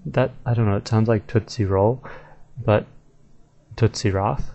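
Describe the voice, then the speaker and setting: A man's voice: on the low side, steady tone, normal speed, dark tone, breathy edge, highs cut off. A man talking casually to his viewers, easygoing and thinking aloud with fillers and self-corrections. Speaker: video creator. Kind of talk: casual commentary video.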